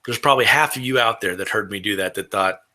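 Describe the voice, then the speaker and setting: Texas guy chatting about his tabletop characters, really bright sharp voice, keeps restarting sentences. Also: lowish voice, fast talker. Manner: rambling, many restarts. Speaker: tabletop roleplayer. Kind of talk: casual monologue on roleplaying.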